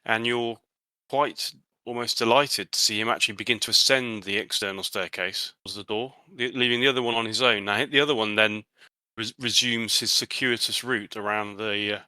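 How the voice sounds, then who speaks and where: A man narrating a tabletop horror game as game master, halting often with fillers and restarts. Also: fairly low pitch, fairly even intonation, sharp tone, clean tone, no room sound, low-quality recording.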